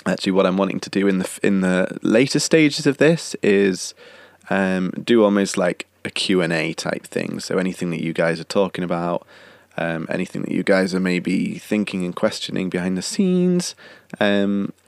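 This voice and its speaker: A man's voice: deep voice, moderate pace, gravelly, no room sound. A young man with a slight cough, hosting a podcast in a rambling, chatty way. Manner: rambling, self-correcting, chatty. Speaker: podcast host and singer-songwriter. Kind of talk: casual chatty monologue.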